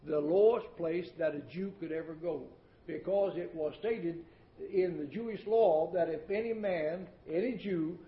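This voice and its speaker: A man preaching a sermon in a church, folksy and emphatic, swinging between loud declaiming and hushed asides, repeating words for effect. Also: a little high, a little slow. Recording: echoey, dull old recording.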